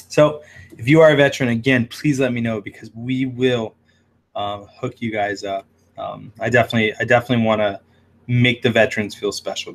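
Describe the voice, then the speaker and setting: A man's voice: medium pitch, a little hiss or hum. A man who runs a shrimp shop, hosting a casual livestream with lots of fillers as he reads viewer comments aloud. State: hiccuping.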